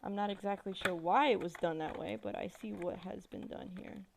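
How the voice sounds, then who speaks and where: A woman streamer talks to her viewers at home while she works on a craft. She rambles and swears freely, with plenty of fillers. Her mid-pitched voice has a gravelly fry, and there is faint typing and clicking behind her. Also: fairly even intonation, brisk, noisy background. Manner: rambling, profane, lots of "like". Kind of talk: casual livestream chat while crafting.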